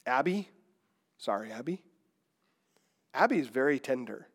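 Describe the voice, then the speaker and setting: A man's voice: mid-range voice, very animated, a little slow, slightly rough. A middle-aged man, a pastor, preaching a sermon in a conversational, digressive way with many restarts.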